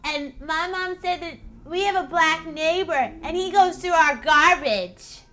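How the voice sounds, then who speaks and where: A woman's voice: very high voice, measured pace, sharp tone, heavily acted. A woman voicing a naive little girl who talks innocently.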